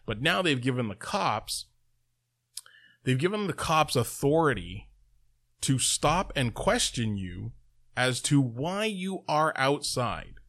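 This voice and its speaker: A man's voice: medium pitch, very animated, slow pace, a bit bright. A man from Canada, reading news stories aloud and breaking off into sarcastic, profane asides. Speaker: host reading and commenting on news. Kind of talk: casual news commentary. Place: Toronto.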